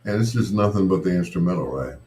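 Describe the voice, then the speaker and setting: A man hosting a late-night live stream. He talks in a slow, smooth, crooning romantic way, calls listeners baby, and greets viewers by name in a joking tone. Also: low voice, animated, a little mellow.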